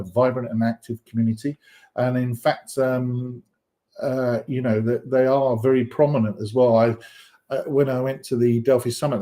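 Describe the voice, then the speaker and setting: A man's voice: medium pitch, warm tone. A man hosting a live stream in a casual, rambling way, full of fillers and restarts, joking and greeting viewers by name. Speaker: livestream host.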